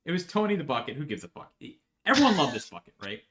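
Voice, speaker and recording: A man's voice: on the high side, big pitch swings, fast, a bit bright. A man telling a history story for laughs in a profane, rambling way, often checking in with "right?". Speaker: podcast host.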